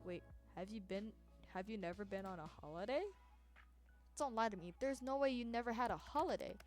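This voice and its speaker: A woman's voice: medium pitch, lively intonation, moderate pace, darkish tone, soft background music. A woman streaming a game, reading her lines in a playful, teasing, giggly way. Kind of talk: casual game playthrough.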